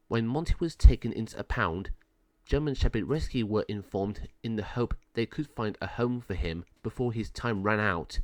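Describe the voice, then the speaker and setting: A man narrating a children's storybook aloud with expressive delivery. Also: on the low side, moderate pace, no echo. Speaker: storybook reader.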